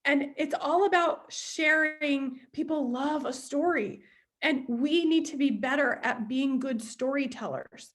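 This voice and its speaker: A young woman leading her sales team speaks at a measured pace, her high voice a bit bright. The motivational meeting talk is chatty, open and emotional, with inner voices acted out as she goes.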